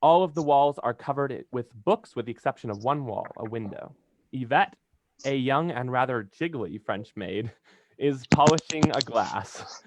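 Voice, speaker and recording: A man's voice: mid-range voice, animated, moderate pace, a little hiss or hum. A man reading stage directions aloud in a plain, straightforward way, sometimes stumbling over a word. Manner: plain, occasionally stumbling and laughing.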